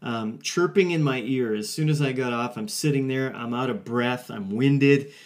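A man's voice: medium pitch, normal speed. Guy in his 40s doing a solo podcast, earnest, chatty, lots of ums. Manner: earnest, storytelling with fillers and restarts. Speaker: podcast host. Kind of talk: casual solo podcast monologue.

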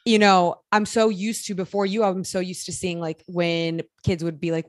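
A woman's voice: on the low side, flat delivery, moderate pace, no room sound. Chatty woman, dry close sound. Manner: earnest, chatty with many fillers. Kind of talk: casual podcast conversation.

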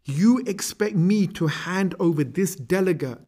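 A man's voice: high-pitched, animated, unhurried, warm tone. A man voicing an indignant foreign male king who rebukes a visitor.

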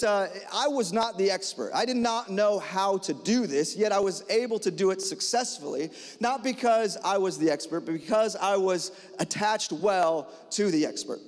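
A pastor preaches a sermon in a high voice, telling a personal story with lively animation and acting out the dialogue amid plenty of fillers. The recording carries hall reverb.

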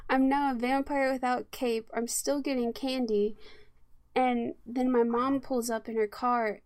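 A woman's voice: fairly high pitch, little pitch movement, a little slow, a little mellow, dry recording. A woman telling a childhood story in casual chat, laughing often and swearing casually.

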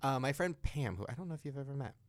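A man co-hosting a podcast, telling stories in casual chat with an animated delivery. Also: mid-range voice, very fast, no room sound. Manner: animated, laughing, quotes people in put-on voices. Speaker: podcast co-host.

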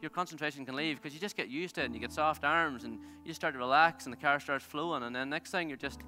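A man preaching a sermon as pastor, telling stories in an animated way with many restarts. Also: fairly high pitch, quick pace, soft background music. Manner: animated storytelling, self-interrupting with restarts and laughs. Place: large theatre used as a church. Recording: long hall reverb.

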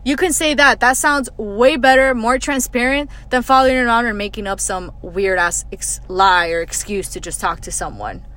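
Hosting her podcast, a young woman with a fairly bright tone turns a story into a casual, profane, exasperated rant. She speaks bluntly, hurrying ahead and then dropping to low muttered asides.

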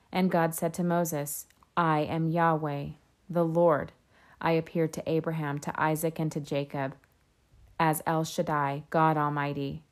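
A woman reading scripture aloud in a steady, measured way. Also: low-pitched. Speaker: scripture reader.

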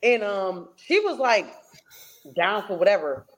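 A woman's voice: medium pitch, big pitch swings, a little slow. Rambling young woman in casual chat. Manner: rambling, hesitant, heavy with "like" and "um" fillers. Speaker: podcast co-host.

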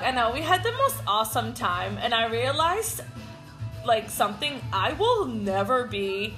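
A woman's voice: on the high side, very animated, unhurried, pushed and bright. Giggly Swedish woman hosting a chat. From Sweden. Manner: giggly, candid, swears freely. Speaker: podcast host. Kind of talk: casual chat. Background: faint music from a smart speaker.

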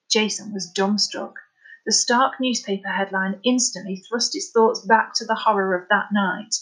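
A woman narrating a novel as an audiobook in a steady, dramatic storytelling manner. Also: medium pitch, low-quality recording.

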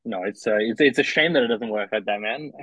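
A young Australian musician being interviewed, talking casually and hesitantly, with many restarts and fillers. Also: male voice, on the low side, a bit bright, breathy edge, no echo. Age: young adult. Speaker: musician guest. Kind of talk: casual chat. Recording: dull, lo-fi dry recording.

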